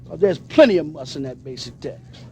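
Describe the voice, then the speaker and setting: A man's voice: a little high, lively intonation, moderate pace, creaky, a little mellow. A man from Pennsylvania giving a personal testimony speech at a recovery convention, telling his story emphatically and acting out the dialogue. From Pennsylvania, USA.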